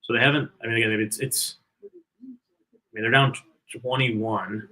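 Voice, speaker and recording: A man's voice: medium pitch, fairly even intonation, moderate pace, pushed and bright, low-quality recording. A man co-hosting a live game watch party, chatting loosely and calling out score updates. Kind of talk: casual live game chat.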